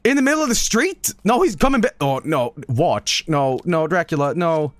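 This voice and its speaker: Giggly high-voiced man streaming a game. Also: very animated, moderate pace, few pauses, dry recording. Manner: laughs often, exclaims at the game. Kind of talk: casual gameplay commentary. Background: game music.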